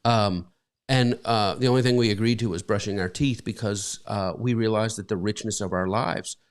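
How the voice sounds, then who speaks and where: This is a middle-aged man co-hosting a casual podcast from home. His voice sits low, and he talks in a loose, emotional ramble with plenty of ums and uhs. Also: normal speed, clear, resonant tone. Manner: rambling, emotional, many fillers. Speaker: pastor and podcast co-host. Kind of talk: casual live-stream chat. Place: home bedroom.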